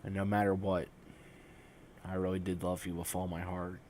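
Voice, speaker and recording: A man quietly reading the farewell of a broken, remorseful man in a game. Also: low-pitched, flat delivery, normal speed, slight background noise, close to an everyday voice. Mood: tender. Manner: soft, quiet, tender reading.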